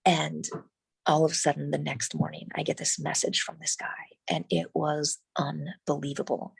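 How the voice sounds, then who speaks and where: A middle-aged woman, a guest in an interview, telling a personal story in an animated, emphatic way with frequent restarts. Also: low-pitched, moderate pace, creaky, breathy edge, no room sound, poor audio.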